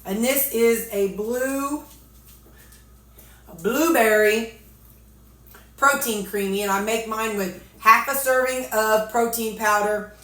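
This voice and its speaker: A woman's voice: fairly high pitch, takes it slowly, pauses often, a bit bright, roomy sound. A woman with a Missouri accent, chatting and joking casually while eating, talking with her mouth full. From Missouri, USA. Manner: folksy, joking, talks with a mouthful. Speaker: weight-loss vlogger.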